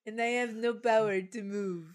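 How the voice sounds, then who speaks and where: A woman's voice: medium pitch, fairly even intonation, normal speed, lightly acted. A woman voicing a talking wooden door in a read-aloud folk tale. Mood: firm.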